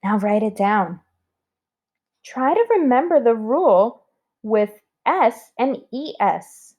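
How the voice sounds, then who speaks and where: A woman's voice: fairly high pitch, very animated, slow pace, dull audio. A woman teaching a recorded spelling lesson to children, sounding out words letter by letter.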